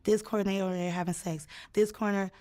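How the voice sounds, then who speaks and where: A young woman recounting a night out in a loose, casual way. She is animated, jumping into the voices of the people she quotes and then dropping back to her plain storytelling. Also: mid-range voice, fast. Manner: animated, acts out quotes with sudden loud jumps. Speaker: storyteller in a clip.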